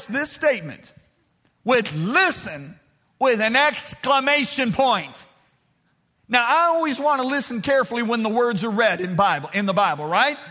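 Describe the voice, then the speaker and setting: A man preaching a sermon emphatically, calling on the congregation to answer aloud and swinging between shouts and quiet storytelling. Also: very high-pitched, big-room sound.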